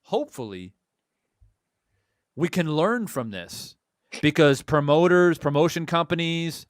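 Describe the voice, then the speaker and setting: A young adult man hosts a boxing talk show, telling a story in a casual, blunt chat full of swearing, restarts and repeated words as he animates the tale. His mid-range voice is clear and resonant, heard in clean studio sound with no echo.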